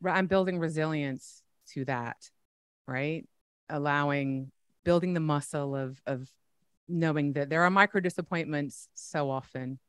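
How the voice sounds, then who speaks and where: A woman's voice: sits low, unhurried, smooth, no echo, clean studio sound. A woman hosting an interview, affirming and reflecting back her guest's points in casual talk. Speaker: interview host.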